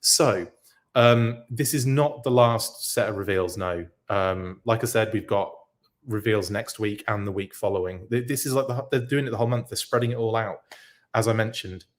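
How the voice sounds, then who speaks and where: A man's voice: fairly low pitch, normal speed. A man hosting a live podcast stream, chatting casually and reading out viewer comments in a rambling, self-interrupting way. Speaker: podcast host reacting live.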